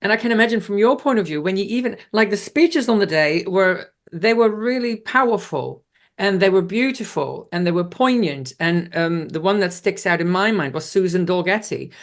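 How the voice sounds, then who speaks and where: A woman interviewer in a casual chat, asking long, rambling questions in a quick, chatty way. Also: medium pitch, lively intonation.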